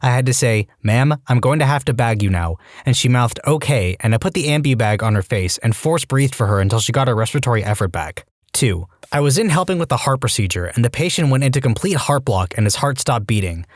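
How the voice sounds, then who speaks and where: A man's voice: mid-range voice, brisk, hardly any pauses, no room sound, clean studio sound. A man narrating online stories in a scripted way, acting out the quoted lines in different voices. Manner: lively, acts out quoted lines in shifting voices.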